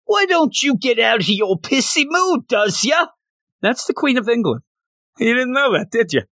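A man voicing a haughty elderly British queen in an exaggerated high-pitched impression. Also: very animated, moderate pace, sharp tone, no echo, clean studio sound, exaggerated voice. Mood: teasing.

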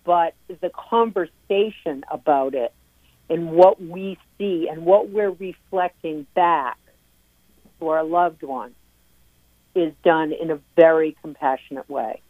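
Speaking slowly in a low voice, a middle-aged woman appears as an interview guest whose child is a recovering addict. She comes across as earnest and emphatic, restarting often, and the audio is a dry, tinny phone line.

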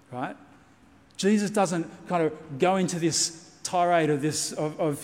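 A man's voice: fairly high pitch, measured pace, a little mellow, long reverb tail. A man preaching a sermon as pastor, earnest and reassuring, repeating key points for emphasis. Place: church.

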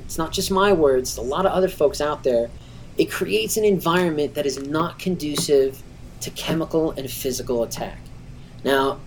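A woman guest who explains technical material in conversation, lively and full of everyday analogies. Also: low-pitched, slight background noise. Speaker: guest concrete expert.

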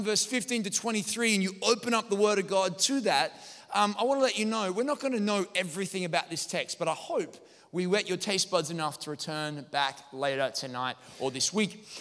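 A man, a pastor preaching a sermon with energetic, joking storytelling. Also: high-pitched, long reverb tail. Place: large church hall.

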